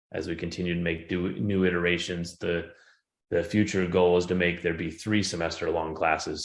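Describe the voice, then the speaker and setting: A man with a low, gravelly voice gives a relaxed, conversational talk to a conference audience. He speaks like an educator sharing his classroom experience. The sound has a noticeable room echo. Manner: conversational, animated when retelling anecdotes. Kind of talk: conference presentation. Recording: roomy echo.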